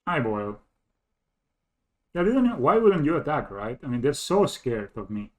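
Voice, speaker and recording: A man's voice: mid-range voice, measured pace. A man streaming a card game, thinking aloud as he counts plays and muttering to himself. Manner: thinks aloud, counting and muttering, bursts into excited laughing disbelief. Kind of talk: live gameplay commentary.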